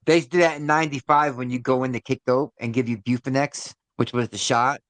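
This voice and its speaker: A man's voice: medium pitch, steady tone, a little fast, fairly bright tone, no echo. A man in a casual podcast chat, laid-back and profane, often dropping in agreement.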